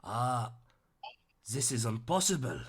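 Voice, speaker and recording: A man's voice: medium pitch, big pitch swings, slow, slight background noise. A man voicing a startled enemy warrior with a Welsh accent, speaking in an urgent, accusing way. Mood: alarmed.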